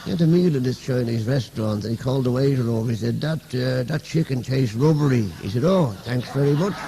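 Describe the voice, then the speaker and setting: A young Irish man, a comedian, telling stand-up jokes as rapid-fire one-liners and switching into the voices of the people in them. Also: mid-range voice, creaky, warm tone, a little hiss or hum. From Ireland. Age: young adult.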